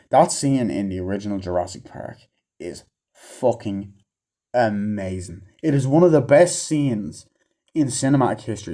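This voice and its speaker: A man's voice: on the low side, warm tone. A man giving a casual, rambling film review, swearing often and acting out lines from the film. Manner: rambling, frequent swearing and fillers; acts out film lines in raised voice. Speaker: movie reviewer. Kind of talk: casual rant.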